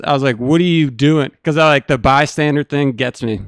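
A man's voice: a little high, brisk, clean tone, no room sound, studio quality. A man hosting a live stream, talking in a blunt, earnest, profane way to his viewers. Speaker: stream host. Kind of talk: casual chat.

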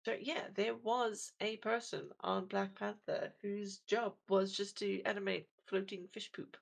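Gravelly-voiced woman rambling. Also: mid-range voice, little pitch movement, unhurried. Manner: rambling, self-deprecating, lots of fillers and restarts. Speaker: podcast co-host. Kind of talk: casual chat.

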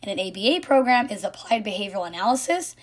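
Mother in her thirties, earnest heartfelt monologue, soft with whispered asides, mid pitch. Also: sing-song, fast. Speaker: mother of an autistic son. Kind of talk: personal reflective monologue.

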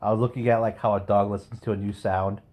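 A man's voice: lowish voice, flat delivery, quick pace, darkish tone. A man co-hosting a podcast, telling stories in a crude, profane casual chat. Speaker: podcast co-host.

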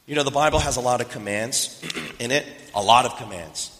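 Man preaching with a bright tone in a reverberant hall. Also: mid-range voice, a little fast. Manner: storytelling, asks the listeners questions. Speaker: pastor. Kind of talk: sermon.

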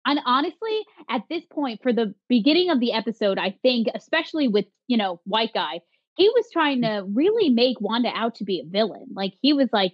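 A woman's voice: on the high side, sing-song, fairly quick, breathy edge, dull audio. A woman co-hosting a casual review podcast over a video call, recapping scenes in a chatty way. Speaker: podcast co-host. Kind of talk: casual chat.

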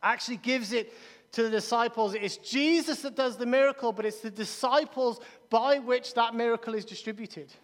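High-voiced man preaching. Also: normal speed. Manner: emphatic, repeats key phrases, stumbles on restarts. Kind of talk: sermon. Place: large church hall. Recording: long reverb of a large church hall.

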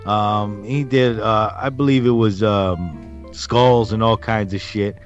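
A man's voice: on the low side, steady tone, slow pace, soft background music. Middle-aged man, podcast co-host, rambling and hesitant, dull lo-fi recording. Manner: rambling, hesitant, lots of ums. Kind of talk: casual storytelling chat.

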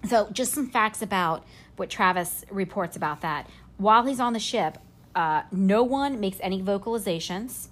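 A woman podcast host retelling a story in casual chat, haltingly, with fillers and self-corrections. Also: mid-range voice, lively intonation.

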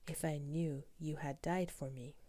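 A woman voicing a brave, gentle young daughter as a whispered role-play, speaking in an earnest soft whisper. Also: deep voice, fairly even intonation, a little slow.

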